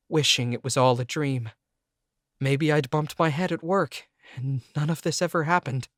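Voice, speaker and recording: This audiobook narrator has a slightly high voice and reads scripted first-person narration intensely and emotionally. The recording is close-miked with no echo.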